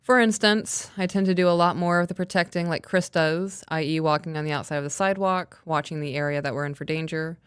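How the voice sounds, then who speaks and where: A woman's voice: deep voice, fairly even intonation, a little fast, hardly any pauses, clear, resonant tone, no room sound, studio quality. A woman co-hosting a podcast, chatting casually and reading listener emails aloud in a playful, talkative way. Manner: chatty, playful, laughs easily. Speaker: podcast co-host.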